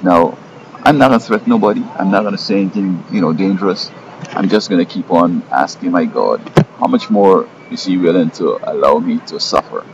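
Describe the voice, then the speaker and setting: A man talking at length in a rambling, aggrieved personal monologue, halting and restarting often. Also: low-pitched, lo-fi sound, noisy background. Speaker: vlogger.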